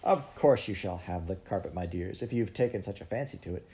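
A man reading aloud and voicing a sour, bad-tempered grown woman in a storybook, with a high, scolding put-on voice. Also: expressive, a little fast, dark tone. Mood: gushing kind. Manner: shrill, scolding, then gushing. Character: bad-tempered middle-aged woman turned kindly.

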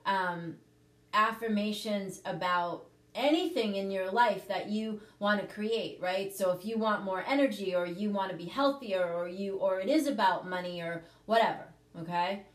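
Female host, casual teaching chat, earnest coaching tone, mid pitch, echoey room. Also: moderate pace. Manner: earnest, coaching, repeats points with "okay?".

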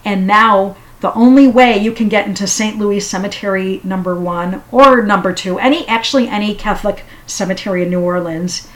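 A middle-aged woman hosting a show, talking casually with fillers and reading a poem aloud. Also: medium pitch. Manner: relaxed, with fillers and restarts. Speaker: podcast host.

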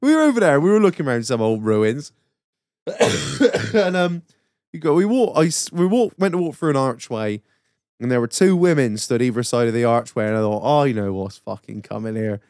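A man's voice: a little high, sing-song, fairly quick, darkish tone, dry recording. A man hosts a casual podcast in a raised, swooping voice. He tells anecdotes full of swearing and laughter. The dry close mic leaves no room sound. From Manchester, England. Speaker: podcast host.

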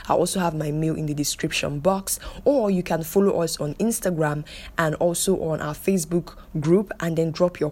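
A young woman hosts her podcast alone, scolding and insisting, saying things twice for emphasis. Her voice sits low and mellow, with a husky edge to it. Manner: emphatic, scolding, repeats phrases for stress. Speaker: podcast host. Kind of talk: solo podcast monologue.

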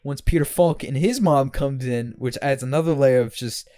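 A man co-hosting a casual podcast chat about a film, rambling and animated, slipping into loud impressions. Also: mid-range voice, moderate pace, dry recording, studio quality. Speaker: podcast co-host discussing a film.

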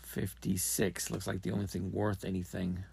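A man's voice: deep voice, flat delivery, normal speed, darkish tone, slight background noise. A man hosting a casual podcast, rambling and correcting himself as he thinks aloud. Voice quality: gravelly, husky. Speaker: podcast host. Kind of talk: casual trading podcast talk.

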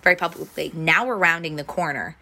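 A woman's voice: sits low, fairly quick, creaky, pushed and bright. A young woman telling a personal story in casual chat, rambling and saying "like" over and over. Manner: rambling, heavy use of "like" fillers, restarts.

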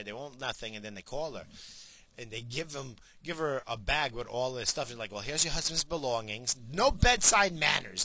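A man's voice: fairly low pitch, background noise. An older man telling a story in a casual, profane, rambling way, acting out the people in it as he goes. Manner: profane, rambling, animated retelling with quoted voices.

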